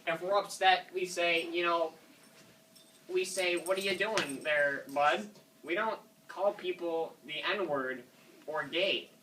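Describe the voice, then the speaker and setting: A prank caller uses a full character voice, high-sitting, slow and sharp, to play a fussy, indignant father who rambles and keeps calling the manager "sir." The mic is distant, with faint noise.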